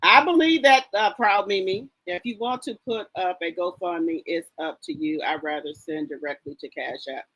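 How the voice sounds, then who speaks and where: A woman's voice: on the low side, normal speed, few pauses, a bit bright, poor audio. A woman hosting a live stream, chatting casually about gossip and greeting viewers by name in a sassy, chatty way. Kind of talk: casual gossip commentary, reading chat aloud.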